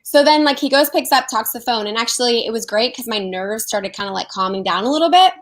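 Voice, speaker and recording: An actress telling animated stories about auditions in a casual interview. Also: female voice, on the high side, fast talker, low-quality recording. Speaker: actress guest.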